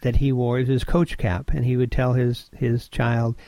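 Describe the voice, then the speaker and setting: A man hosting a podcast interview with a gravelly edge to his middle-pitched voice. He answers in a thoughtful, measured way, and the sound is close and dry. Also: little pitch movement, mellow, dry recording. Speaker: podcast host. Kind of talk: interview conversation.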